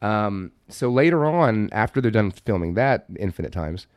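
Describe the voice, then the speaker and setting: A man co-hosting a podcast, telling profane anecdotes in an animated, casual way. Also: on the low side, normal speed, clean tone, dry recording, clean studio sound. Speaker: podcast co-host.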